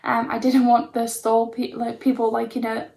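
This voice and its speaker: A young woman tells her own story to camera in a loose, rambling way, filling gaps with likes and ums. Her voice sits a little high but barely moves in pitch. A gravelly vocal fry runs under her words. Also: monotone, normal speed, warm tone.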